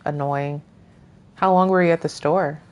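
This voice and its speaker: A woman with a lowish voice talks through her game in an unhurried, drawn-out way. She rambles casually, often dropping into soft murmurs between thoughts. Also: steady tone. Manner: chatty, rambling, often trails off softly. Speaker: gaming streamer. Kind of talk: casual gameplay commentary.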